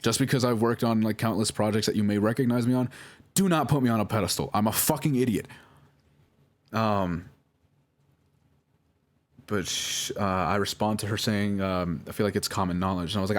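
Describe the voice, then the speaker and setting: A young man with a very low voice talks his way through a nervous, rambling monologue. He keeps circling back, stumbling over restarts and fillers, and apologizing again and again. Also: moderate pace. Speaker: video creator reading out chats.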